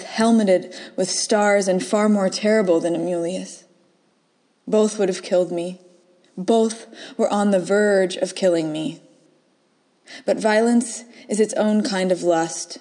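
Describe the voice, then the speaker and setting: A woman reading her own first-person short story aloud, soft and measured, dropping to whispers in quiet moments. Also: medium pitch.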